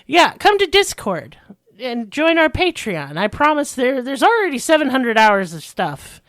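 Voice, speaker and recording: A woman's voice: sits high, sing-song, a little slow, fairly bright tone, no echo, studio quality. A woman with a Southern accent co-hosting a podcast in casual chat, joking and crude and poking fun at herself. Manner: joking, crude, self-deprecating. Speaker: podcast co-host.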